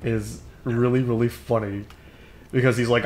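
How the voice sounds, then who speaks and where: A man's voice: mid-range voice, expressive, moderate pace, roomy sound. A man co-hosting a gaming podcast, chatting casually and laughing while he plays. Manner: giggly, rambling, playful voices for quoted characters. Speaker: podcast co-host playing the game.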